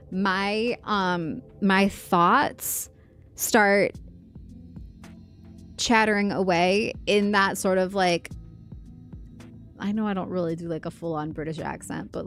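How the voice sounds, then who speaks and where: Gravelly-voiced woman streamer chatting. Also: medium pitch. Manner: rambling, chatty, full of fillers and laughs. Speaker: livestreamer. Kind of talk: casual livestream chat while gaming.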